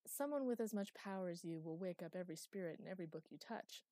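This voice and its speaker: A woman's voice: on the low side, lively intonation, fast talker, mellow, no room sound, close to an everyday voice. A woman voicing an amused, teasing immortal woman who rules a magic library, with a playfully evasive manner.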